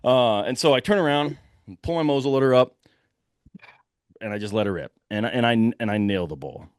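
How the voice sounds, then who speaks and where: A young man telling a hunting story in a lively, casual way, acting out the shouts of the people in it. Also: medium pitch, brisk, no room sound, clean studio sound. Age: young adult. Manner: animated, breathless retelling with quoted shouts.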